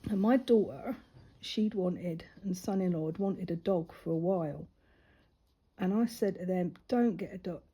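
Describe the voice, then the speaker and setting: Mellow-voiced woman telling a long story. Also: on the low side, unhurried, husky. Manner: chatty, rambling, soft-spoken with drops to near-whisper. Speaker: crafting vlogger. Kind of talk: casual storytelling while colouring.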